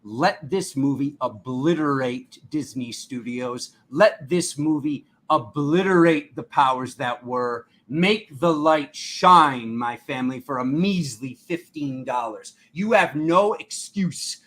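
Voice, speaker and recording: A man hosting a live tarot reading, his voice bright and forceful. He preaches with fervent urgency and keeps addressing the viewers as his family. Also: mid-range voice, slow pace, few pauses. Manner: riled up, urgent. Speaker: tarot reader and channel host.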